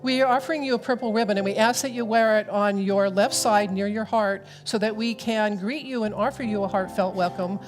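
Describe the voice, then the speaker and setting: A woman leading a church service, giving welcomes and announcements to the congregation in a measured, welcoming way. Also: mid-range voice, steady tone, faint music behind. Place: church sanctuary.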